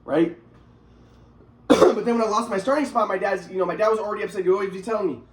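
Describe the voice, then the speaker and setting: A man's voice: sits high, fast talker, noisy background. Agitated, profane man in an echoey room. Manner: agitated, profane, repeats and restarts himself. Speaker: vlogger telling his own story. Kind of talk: rambling personal monologue.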